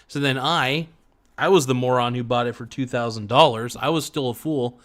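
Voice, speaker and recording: A man's voice: medium pitch, moderate pace, fairly bright tone. A man hosting a podcast, ranting in profane, sarcastic commentary and mocking people in put-on voices. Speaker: podcast host.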